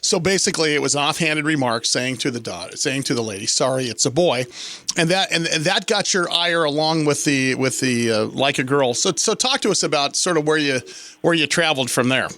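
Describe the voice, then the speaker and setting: A male talk radio host commenting in a studio, talking in halting bursts with many repeated words and restarts. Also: a little high, expressive, bright, forceful tone. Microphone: studio microphone.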